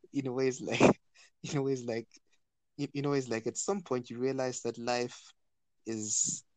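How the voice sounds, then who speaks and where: A man co-hosting a casual podcast chat, stammering through many restarts as he gets excited. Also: medium pitch, moderate pace, pauses often, dry recording. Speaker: podcast co-host.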